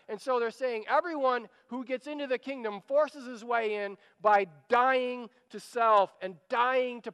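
An earnest man preaches a sermon, urging his listeners and repeating phrases as he pleads. His voice sits very high and comes across smooth and resonant. A long reverb trails each phrase, as in a large hall. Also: fairly bright tone. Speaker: pastor.

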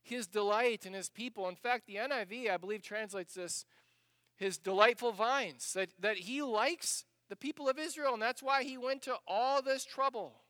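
High bright-voiced male preacher. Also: normal speed, dry recording. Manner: dramatic, shifts between hushed and loud; acts out the scripture passages he reads. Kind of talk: sermon.

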